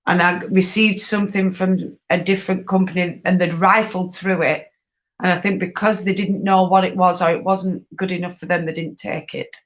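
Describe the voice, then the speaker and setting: A woman's voice: fairly low pitch, steady tone, normal speed, lo-fi sound. A woman chatting casually on a live stream, reading out and answering viewers' questions. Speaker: fibre craft live-streamer.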